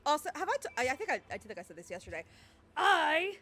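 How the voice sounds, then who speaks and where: Bubbly high-voiced woman streaming a game. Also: quick pace. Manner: bubbly and excitable, chatting with viewers. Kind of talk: casual live-stream chat. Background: game music and barking dogs.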